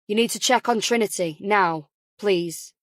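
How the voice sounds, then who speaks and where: A woman voicing a worried young husband in whispered role-play, urgent but trying to stay gentle. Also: high voice, a little slow, no room sound, clean studio sound.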